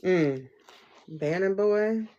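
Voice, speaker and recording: A woman's voice: fairly low pitch, animated, drawn-out words, dark tone, dull audio. A woman hosting a casual tarot livestream from home, rambling and chatty, laughing often as she talks to viewers through her phone.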